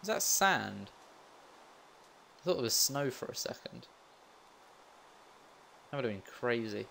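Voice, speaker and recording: A young man chats his way through a gameplay session. He drifts between thoughts, answers his own questions and pokes fun at himself. His pitch sits in an ordinary middle range, and faint noise hangs behind the voice. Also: lively intonation, unhurried, creaky, pushed and bright. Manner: rambling, self-mocking asides. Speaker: let's play gamer. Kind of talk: casual gameplay commentary.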